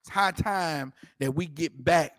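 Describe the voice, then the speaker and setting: A man's voice: fairly high pitch, unhurried, a bit bright, no echo, clean studio sound. A man teaching a scripture class in an emphatic, repetitive way, using street slang and firing rhetorical questions. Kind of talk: preaching scripture commentary.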